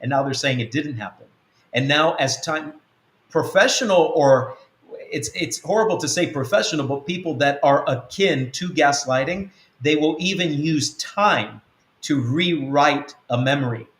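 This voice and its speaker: A man's voice: fairly high pitch, moderate pace, fairly bright tone. Earnest man teaching in an echoey room. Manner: earnest, counts through points with many restarts. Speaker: apostle of a web church. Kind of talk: teaching talk answering a question.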